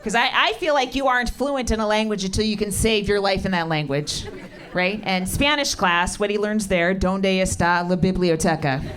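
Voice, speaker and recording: A middle-aged woman doing stand-up comedy with crowd work, deadpan, sardonic and profane. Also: mid-range voice, normal speed, few pauses. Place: comedy club stage. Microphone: handheld stage mic. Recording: live club recording with crowd. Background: laughing audience.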